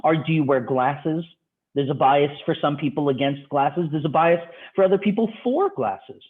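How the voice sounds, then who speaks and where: A man's voice: on the high side, moderate pace. A male university instructor giving an online class lecture in a conversational way, firing off rhetorical questions to his students. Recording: tinny phone-like audio.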